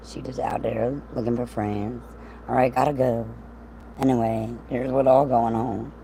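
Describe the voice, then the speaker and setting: A woman's voice: very deep voice, fairly even intonation, unhurried, gravelly, warm tone, faint music behind, rough recording. A woman chatting casually on a livestream, rambling and profane, with frequent laughs.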